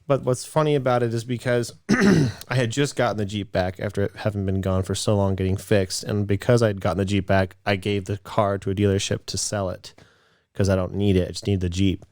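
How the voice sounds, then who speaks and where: A man in his late twenties chats casually on a podcast, circling back and restarting as he tells a story. His voice sits low, and the recording is dry with no room sound. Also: brisk, no echo. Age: late 20s. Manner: rambling storyteller, restarts, animated in quotes. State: a bit out of breath. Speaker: podcast co-host. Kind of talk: casual chat.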